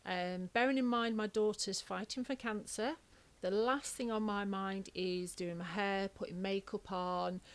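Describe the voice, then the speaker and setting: A woman's voice: mid-range voice, fairly even intonation, unhurried. A woman talking as a podcast guest, earnest and open as she speaks plainly about hard times. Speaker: podcast guest, charity founder. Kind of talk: casual conversation.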